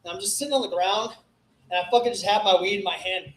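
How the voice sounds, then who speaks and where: A man with a raspy, hoarse voice doing a profane, rambling stand-up set about drug trips at an open mic. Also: high voice, fast talker, a bit bright. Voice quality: raspy from festival flu. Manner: profane, rambling stoner storytelling. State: hoarse, coughing. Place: small comedy club stage. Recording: echoey club room.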